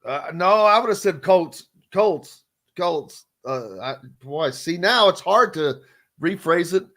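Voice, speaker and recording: A man's voice: on the high side, moderate pace. Upbeat Indiana sports radio host, man. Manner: animated, laughs often, restarts sentences. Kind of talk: casual sports radio chat.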